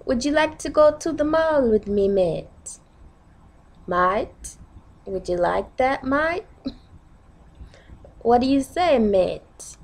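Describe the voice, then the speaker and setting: A chummy British woman, put on by a woman doing an attempted British accent, wheedles a friend again and again and ends every line with "mate." The voice sits fairly high and comes out slow and drawn out. Under it runs a gravelly, creaky edge. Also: lively intonation, heavily acted. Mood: coaxing. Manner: repetitive, coaxing, tacks "mate" on every line.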